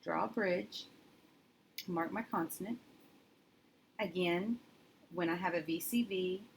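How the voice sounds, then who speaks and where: Methodical woman with a gravelly low voice. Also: slow, poor audio. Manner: steady, methodical, thinking aloud step by step. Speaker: teacher. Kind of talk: instructional demonstration. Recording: faint background noise.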